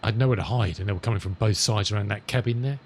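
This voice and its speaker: A middle-aged man chatting casually with viewers as a live streamer, rambling and amused, reading radio calls slowly. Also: fairly low pitch, a little mellow, a little hiss or hum. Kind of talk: casual chat with viewers while flying.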